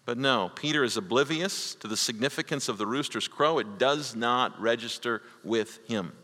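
A man's voice: mid-range voice, normal speed, sharp tone, big-room sound. A man preaching a sermon as a pastor, telling a story earnestly and acting out the quoted lines.

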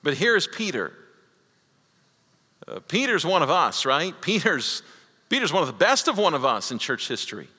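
A man preaching a sermon with a bright, forceful tone. His delivery swings from loud emphasis down to hushed, low lines, and he often stumbles and repeats words. His voice rings with a long reverb, as in a large hall. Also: very animated, moderate pace, long pauses, husky. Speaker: pastor.

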